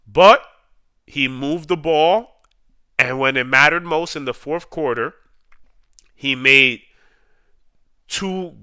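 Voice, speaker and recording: Slow, heated sports fan man ranting. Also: a little high, sharp tone, smooth, no room sound, clean studio sound. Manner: heated, repetitive, drawn-out emphasis. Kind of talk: emotional fan rant.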